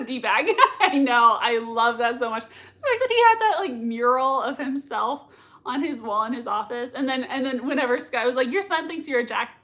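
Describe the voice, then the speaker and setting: Laughing frequently, a woman reads her viewers' comments aloud with giggly, gushing enthusiasm while hosting a relaxed live watch-party chat. She has a somewhat high, slightly bright voice.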